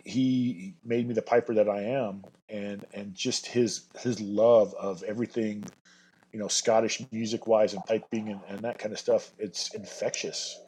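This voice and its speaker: A man's voice: on the low side, steady tone, unhurried, a little mellow, slight background noise, rough recording. A man talking as a bagpiper guest in a casual podcast chat, earnest and rambling with enthusiasm.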